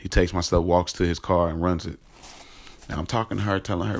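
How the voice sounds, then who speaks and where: A man's voice: low-pitched, steady tone, a little fast. A man narrating his own story in the first person, in a casual, streetwise and profane way. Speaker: narrator and creator.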